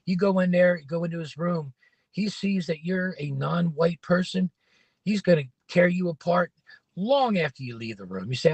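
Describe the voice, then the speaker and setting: A man's voice: high voice, animated, moderate pace, breathy edge, no echo. A man hosting a casual livestream from his parked car, rambling and opinionated with many restarts. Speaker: livestream host.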